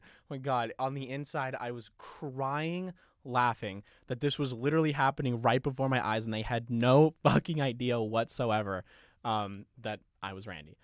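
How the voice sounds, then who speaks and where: A man's voice: medium pitch, moderate pace, no room sound, studio quality. A young man hosting a podcast, telling a story casually with lots of swearing and frequent laughter. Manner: profane, laughing often, animated retelling. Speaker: podcast host.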